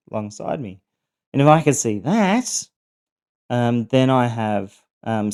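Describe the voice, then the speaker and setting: A man's voice: fairly low pitch, dark tone, smooth. A middle-aged man hosting a personal podcast, reflecting earnestly on recovering from abuse, with frequent ums and restarts. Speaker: podcast host sharing his survival story.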